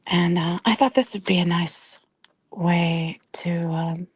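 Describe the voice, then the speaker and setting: A woman with a hoarse, fading voice, talking softly and often half-whispering during a casual livestream while she paints at her home desk, tearful and grieving. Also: on the low side, steady tone, slow pace.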